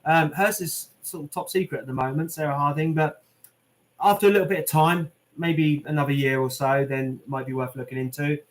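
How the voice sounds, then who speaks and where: A British man hosts a live Q&A stream in a slightly high, brisk voice. He's a chatty channel host who reads viewer comments aloud, chats casually while answering live chat, and says "um" and "mate" a lot.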